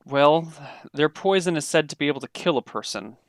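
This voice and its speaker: Smooth-voiced man running a tabletop game. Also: fairly high pitch, animated, fairly quick, dry recording, clean studio sound. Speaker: game master. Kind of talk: narrating and voicing NPCs in a tabletop game.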